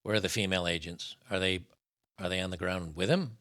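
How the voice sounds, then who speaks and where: A man's voice: low voice, fairly quick, very noisy. A man hosting a live stream with casual political commentary, blunt, profane and mocking.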